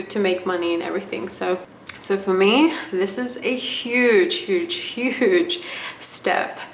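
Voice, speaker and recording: A woman's voice: mid-range voice, a little hiss or hum. A woman from Australia in her twenties, talking to camera in a casual vlog, gushing and emotional with many fillers and restarts. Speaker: vlogger. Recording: roomy, faint room ambience.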